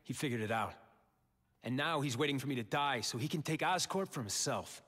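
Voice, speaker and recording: Dying, guarded industrialist. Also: male voice, medium pitch, lively intonation, fairly quick, fairly bright tone, long reverb tail. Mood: somber. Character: gravely ill male scientist-industrialist, grim and guarded. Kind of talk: video game cutscene dialogue.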